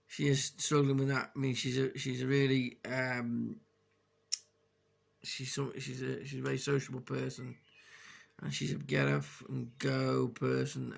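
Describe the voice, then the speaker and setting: A man records a personal video diary in a heavily gravelly, creaky voice. He speaks frankly and hesitantly, with many restarts and fillers, and his pitch sits at an ordinary middle height. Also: fairly bright tone. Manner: frank, open about struggling. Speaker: vlogger.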